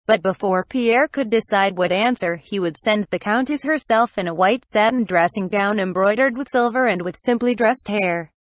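A woman narrates a classic novel in an even, steady voice at a medium pitch. She reads the punctuation marks aloud as she goes. The recording is close and dry. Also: moderate pace, few pauses, dry recording. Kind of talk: audiobook narration.

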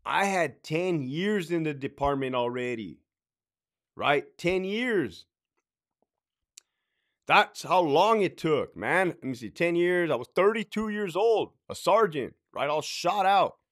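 A man's voice: fairly high pitch, expressive, slow pace, fairly bright tone. A man in his late thirties tells his own career story in a casual vlog, swearing freely and rambling as he keeps tagging his sentences with "right?". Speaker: prison sergeant and veteran telling his career story.

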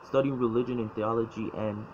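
Man giving a halting personal testimony, restarts a lot, slightly dull lo-fi sound. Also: mid-range voice, steady tone. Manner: halting, repeats words, emotional. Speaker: former church member telling his story. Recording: dull lo-fi sound, faint noise.

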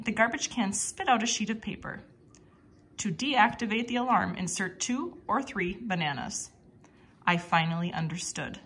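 A woman reading a children's storybook aloud in an expressive, animated way. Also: a little high, husky. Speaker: storybook reader.

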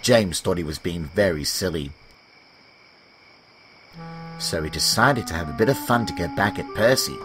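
A man narrating a children's story in a calm, measured way, over loud background music. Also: low voice, background noise.

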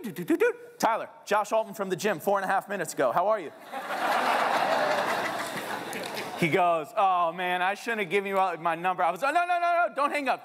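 A man in his thirties telling a sales story on a theater stage, acting out the people in it and jumping his voice up when excited. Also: a little high, big-room sound. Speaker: keynote speaker and realtor. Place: large theater.

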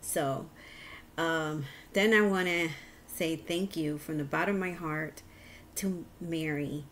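Woman crafting vlogger, low voice, slow gentle unboxing talk, faint fan hum behind. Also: steady tone. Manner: slow, gentle, religious and thankful. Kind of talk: casual unboxing chat. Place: hot home room with a fan behind.

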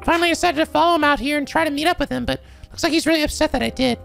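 A naive, sweet young college girl, as a man voices her in a very high falsetto for a video game. The delivery runs quick and eager. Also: vocal fry, a bit bright, soft background music, heavily acted. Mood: earnest. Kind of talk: voicing game dialogue.

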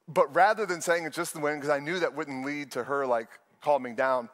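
A young adult man preaching a sermon to an online audience, telling stories with lively acted-out voices. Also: on the high side, fast, few pauses. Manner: animated storytelling, acts out voices in anecdotes. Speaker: pastor.

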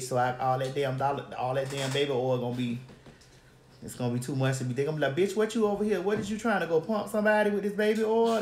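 A woman's voice: sits low, slight background noise. A woman hosting a casual chat, telling brash, profane, rambling stories. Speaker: host. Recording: roomy echo.

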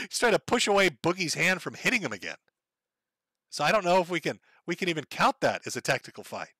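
A man's voice: fairly high pitch, fairly quick, no room sound. A man from Minnesota hosting a livestream, reading viewer donations aloud with sardonic, profane asides. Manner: sardonic, profane, reads messages aloud in a flat wry tone. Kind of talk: casual livestream chat.

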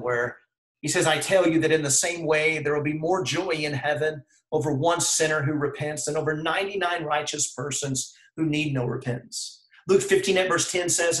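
A man's voice: fairly high pitch, fairly bright tone, roomy sound, low-quality recording. A man preaching an earnest sermon over a video call, calling his listeners brethren and putting questions to them. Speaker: preacher leading a devotion.

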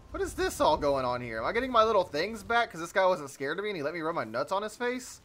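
A young man giving jokey, excitable commentary over a game he's playing, often yelping in surprise. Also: fairly high pitch. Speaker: let's play host. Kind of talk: gameplay commentary.

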